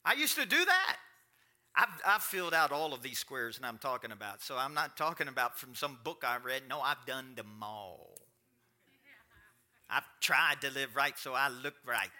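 Bright-voiced preaching man. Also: medium pitch, lively intonation, moderate pace. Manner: conversational, swinging to rising emphatic preaching. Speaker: pastor. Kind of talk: sermon.

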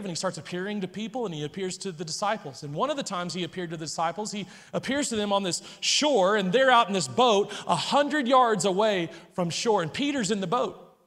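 A preacher with a high voice delivers a sermon through dramatic storytelling, frequently turning to question his listeners. His tone is a bit bright, and the hall lends a long echo.

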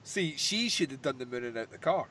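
A man's voice: medium pitch, lively intonation, a little fast, bright, forceful tone. A man doing casual, crude, joke-filled film commentary, laughing often. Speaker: podcast co-host.

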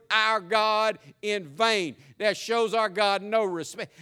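A man's voice: sits high, fairly even intonation, slow, few pauses, bright, forceful tone, clean tone. A man with a Southern US accent preaching a sermon, folksy and emphatic. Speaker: pastor.

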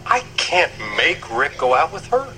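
A man's voice: on the high side, big pitch swings, measured pace, pushed and bright, heavily acted, low-quality recording. An actor playing an uneasy businessman father who stands up to a mobster in a TV clip. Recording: TV clip with clear background noise.

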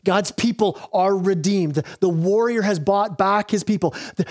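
A man pastor preaching a sermon, earnest, slowing down on key words and often restarting phrases. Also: high voice, a little mellow. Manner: earnest preaching with repeated restarts, slows for emphasis.

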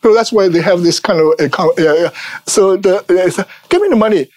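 A man's voice: high voice, normal speed, a little mellow. A man giving an informal lecture, ending nearly every phrase with "right?", with many fillers and restarts. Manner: laughs at his own asides.

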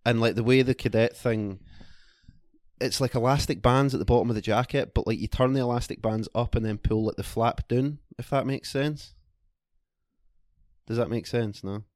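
A man's voice: mid-range voice, normal speed, a little mellow, no room sound, studio quality. A man with a Scottish accent telling a rambling, profane anecdote in casual chat with friends.

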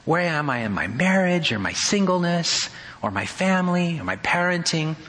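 A man preaching a sermon as pastor, conversational and animated with wry humor. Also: a little high, normal speed. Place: church sanctuary. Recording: hall reverb.

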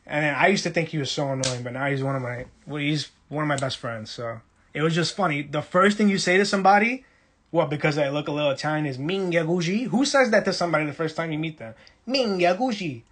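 A man's voice: on the high side, quick pace, a bit bright, slightly rough. A young man from Brooklyn, casually hosting a livestream, reading the chat and teasing viewers playfully. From Brooklyn, New York.

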